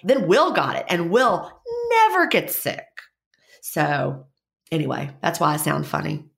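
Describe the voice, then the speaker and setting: A woman with a deep, gravelly voice co-hosting a casual podcast. She sounds a bit stuffy from a cold and gives her advice with emphatic conviction. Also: expressive, unhurried. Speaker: podcast co-host.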